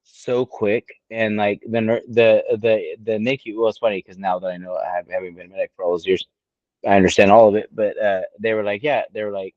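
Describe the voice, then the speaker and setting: A man in his late thirties tells a story on a casual podcast. His voice sits low, he swears freely, and he acts out what others said. The recording is dry and a bit dull. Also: dry recording. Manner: profane, storytelling, animated quoting. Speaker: podcast co-host.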